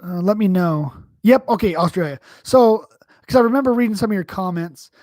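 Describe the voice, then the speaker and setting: A man's voice: high voice, brisk, darkish tone, no room sound, studio quality. A man from New York hosting a live stream, chatting casually and answering chat in a rambling, profane, slangy way. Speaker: livestream host.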